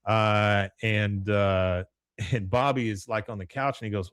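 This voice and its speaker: A man's voice: fairly low pitch, steady tone, brisk, fairly bright tone, no echo, clean studio sound. A man hosting a podcast, casually retelling a cartoon episode and quoting lines in lightly raised voices. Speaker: podcast host.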